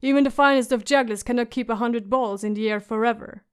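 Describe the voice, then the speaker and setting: Woman reading as a stout worried plotter guy, pushy, kinda high voice. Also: fast talker, clear, resonant tone, close to an everyday voice. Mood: pressing. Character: stout, soft-footed scarred man, anxious schemer.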